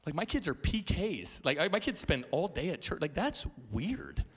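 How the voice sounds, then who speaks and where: A man's voice: fairly high pitch, normal speed. A man in his thirties preaching as a pastor in a church, telling stories with playful asides and stammered repeats. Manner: animated storytelling with playful asides. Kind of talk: sermon. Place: church auditorium.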